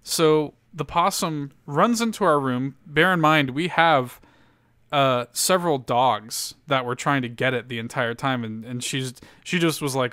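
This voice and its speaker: A man's voice: medium pitch, measured pace, pushed and bright, clear, resonant tone, dry recording, studio quality. A young man from Louisiana casually telling a long story on a podcast, with lots of fillers and cursing. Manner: rambling, profane, laid-back storyteller with many fillers. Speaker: podcast host.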